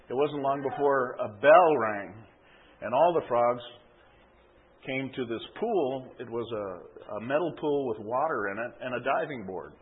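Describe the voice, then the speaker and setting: Over tinny, phone-like audio, a man delivers a sermon at a moderate pace in a medium-pitched, breathy-edged voice. The pastor tells an illustrative story, frequently adding "okay?" to check in with listeners.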